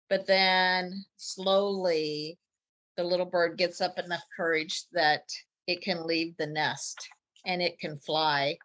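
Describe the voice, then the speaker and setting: Bright-voiced woman sharing picture books. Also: lowish voice, measured pace, poor audio. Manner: lively storyteller reading picture books aloud. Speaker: teacher committee member recommending books. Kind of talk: podcast book talk with read-aloud passages.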